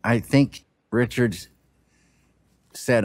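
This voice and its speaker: A man speaks in a slow, halting, musing way, a film director recalling his work in an interview. His voice sits low and the recording is close and dry. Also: darkish tone, no echo. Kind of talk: reflective interview talk.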